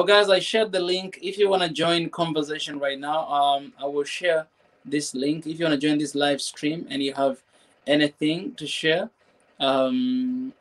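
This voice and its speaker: A man with a fairly high voice hosts a live stream. He talks emotionally and preaches at times, repeats phrases and keeps asking his viewers rhetorical questions. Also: a bit bright, low-quality recording.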